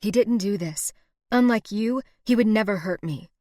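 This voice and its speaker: A woman voicing a defiant young frontier wife who speaks heatedly and forcefully. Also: medium pitch, normal speed, no room sound, studio quality, pitched above the performer's own voice, natural voice.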